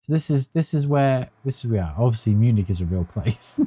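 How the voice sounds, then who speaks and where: A man's voice: mid-range voice, lively intonation, quick pace, few pauses, mellow, husky, no room sound. A man giving casual gameplay commentary on a stream, chatty and rambling, laughing at his own remarks.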